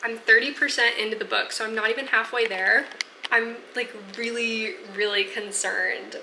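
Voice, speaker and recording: A woman's voice: a little high, steady tone, normal speed, reverberant, background noise. A woman chatting casually in a reading vlog, gushing about a book she is reading and filling her talk with likes and ums. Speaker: book vlogger. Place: apartment at home.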